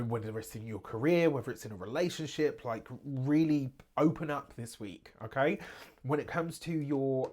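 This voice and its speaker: A man giving a casual weekly tarot reading to camera, chatty and self-mocking, with frequent asides to viewers. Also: mid-range voice. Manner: chatty, laughs at himself, frequent "right?" asides. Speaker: tarot reader.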